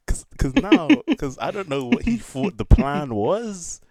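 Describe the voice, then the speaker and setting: A young man co-hosting a podcast, telling stories in a chatty, blunt and joking way. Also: high-pitched. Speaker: podcast co-host. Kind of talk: casual chat.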